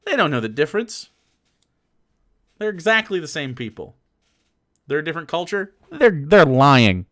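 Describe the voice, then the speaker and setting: A young man with a high voice that leaps all over the place, ranting sarcastically as he reacts to a video on stream. He swears freely and talks in quick, rambling bursts. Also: big pitch swings, pushed and bright. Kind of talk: casual reaction commentary.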